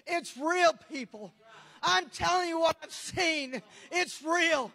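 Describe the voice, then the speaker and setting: A woman preaching a fervent testimony, crying and shouting her words, breaking into laughter between phrases. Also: very high-pitched, takes it slowly, vocal fry. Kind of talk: emotional sermon testimony. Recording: long hall reverb.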